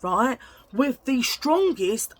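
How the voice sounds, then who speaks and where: A woman's voice: fairly high pitch, very animated, slow pace, no echo. A woman telling a casual story to her vlog viewers, chatty and indignant, often adding "right?". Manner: chatty, indignant, tag questions. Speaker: vlogger.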